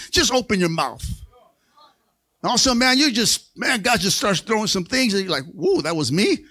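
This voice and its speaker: Preacher guy with a bright sharp voice, keeps asking for amens, gets shouty. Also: high-pitched, normal speed. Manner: call-and-response preaching, asks for amens; excitable, rising to shouts. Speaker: pastor. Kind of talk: Pentecostal sermon. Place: church sanctuary.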